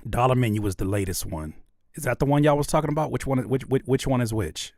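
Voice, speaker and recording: A man's voice: mid-range voice, quick pace, darkish tone, no echo, clean studio sound. A man, a rapper and YouTuber, casually reacting to videos while joking with his chat.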